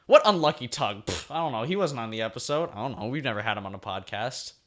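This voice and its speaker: A man co-hosting a casual podcast chat, rambling and excitable, often restarting his sentences. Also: medium pitch, fast talker. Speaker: podcast co-host.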